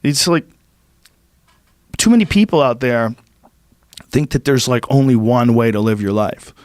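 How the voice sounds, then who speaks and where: A man in his fifties from the Boston area, hosting a podcast and telling casual stories in a lively, profane way. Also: mid-range voice, a little slow, no echo, clean studio sound. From Boston area, USA. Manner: profane, animated storytelling with rising excitement. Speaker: podcast host. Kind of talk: casual storytelling chat. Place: podcast studio.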